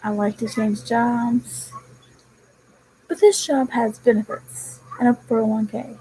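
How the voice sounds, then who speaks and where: A young woman talks slowly and casually to the camera, rambling through a chatty story. Her voice sits a little high and sounds dark and mellow. A faint hum runs behind her. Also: fairly even intonation, poor audio. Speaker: vlogger. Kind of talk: casual chat.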